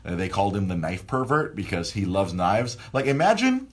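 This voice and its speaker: A man hosting a casual podcast, telling a rambling, animated story full of restarts. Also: low-pitched, normal speed. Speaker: podcast host.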